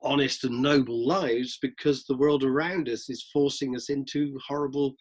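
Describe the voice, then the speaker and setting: A middle-aged man, a drama teacher, lecturing students in a lively way and acting out examples as he goes. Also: mid-range voice, normal speed. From London, England. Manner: lively, acts out examples, frequent restarts. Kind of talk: lecture-style talk to students.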